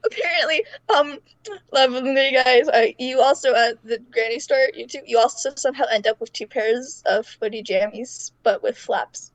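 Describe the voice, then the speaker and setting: A woman's voice: high-pitched, normal speed, no room sound. A woman running a tabletop game on a live stream, playful and often laughing. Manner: giggly, playful. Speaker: game master.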